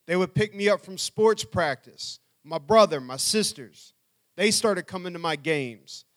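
A man's voice: high-pitched, measured pace. A middle-aged man telling his life story to an audience as a speaker, earnestly acting out what people said. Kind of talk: personal testimony talk.

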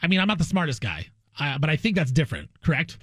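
A man with a fairly high voice hosts a sports radio show, telling stories in an animated and joking way. His voice is close to the mic and dry, with no room sound. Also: fast, breathy edge, dry recording. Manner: animated, jokey storytelling. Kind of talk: casual sports radio chat.

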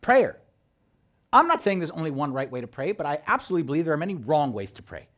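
A man preaching a sermon as a priest. He talks in an animated way, acts out the voices he quotes and swings from loud to hushed. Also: a little high, fast talker.

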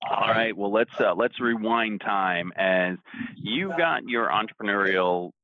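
A man co-hosting a business podcast, introducing a guest and asking questions in an energetic manner. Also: fairly low pitch, measured pace, no room sound. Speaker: podcast co-host. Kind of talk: upbeat show hosting. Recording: dull lo-fi sound.

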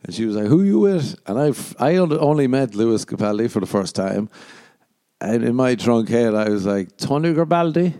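A young Irish man tells a rambling story on his podcast in an easygoing monologue. His voice sits low and mellow, with a dark tone. When he quotes himself, he jumps into high, animated voices. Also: a little fast. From Ireland. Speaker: podcast host.

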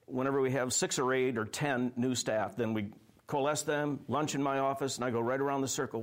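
A relaxed male pastor in an easy conversation. He laughs readily and slips into small stories from his work. His voice sits in an ordinary middle range. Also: medium pitch, a little fast. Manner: relaxed, laughs easily, tells anecdotes. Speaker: church pastor. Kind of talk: conversational discussion.

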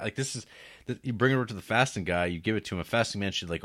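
Low-voiced man retelling a film. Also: rapid-fire. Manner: animated retelling with quoted voices. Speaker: podcast co-host. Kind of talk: casual chat retelling a film.

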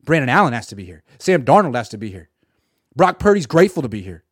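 A man giving solo sports reaction commentary, sarcastic and animated, acting out imagined quotes from the people he talks about. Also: medium pitch, quick pace, dry recording, studio quality.

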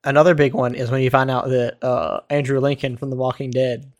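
A man's voice: medium pitch, brisk. A young man from Baltimore co-hosting a podcast, rambling and laughing often in casual chat. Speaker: podcast co-host.

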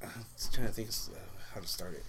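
A man's voice: sits low, fast talker, pushed and bright, slight background noise. A man chatting casually as a podcast guest, telling a story loosely. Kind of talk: casual chat.

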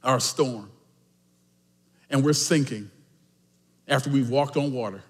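A man preaching a sermon as pastor, swinging emphatically between shouted lines and quiet asides. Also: medium pitch, takes it slowly. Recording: echoey church hall.

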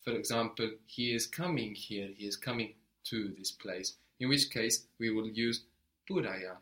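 A man's voice: fairly low pitch, a little slow, bright, forceful tone. A man teaching a language lesson, patiently prompting a learner and giving short praise.

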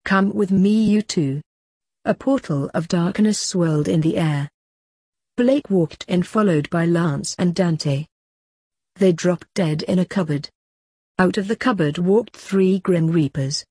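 A woman reads a dark fantasy story aloud in a plain, steady way. Her voice sits a bit low and husky, and the recording is dry and close. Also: unhurried, no echo. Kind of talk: storybook reading.

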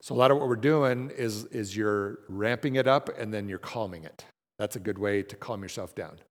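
A man's voice: fairly low pitch, normal speed. A man leading a class through guided breathing exercises, talking conversationally and often checking in with his listeners. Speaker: class leader. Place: large room with a group. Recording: long hall reverb.

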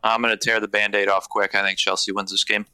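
A man's voice: lowish voice, flat delivery, quick pace, pushed and bright, clean tone, dry recording, rough recording. A young man guesting on a casual football podcast, giving short, confident predictions.

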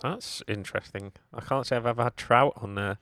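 A man's voice: medium pitch, brisk, fairly bright tone, no room sound. A man, a podcast co-host in casual chat, given to teasing, dry banter.

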